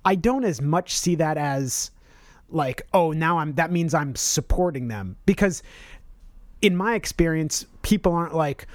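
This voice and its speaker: A man's voice: on the high side, moderate pace, no room sound. A man co-hosting a podcast in casual chat, rambling with many restarts and self-corrections. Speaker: podcast co-host.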